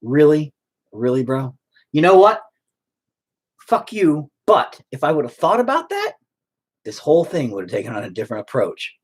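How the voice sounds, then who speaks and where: A man ranting in a rambling, stop-start monologue, swearing freely. His voice is husky and very animated, rising and dipping as he goes. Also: fairly high pitch, moderate pace. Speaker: vlogger.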